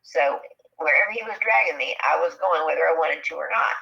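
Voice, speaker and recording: A woman's voice: low voice, a little fast, vocal fry. Woman telling a story over a dull lo-fi line. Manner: animated, acts out quoted speech. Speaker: guest telling an encounter story. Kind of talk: casual storytelling.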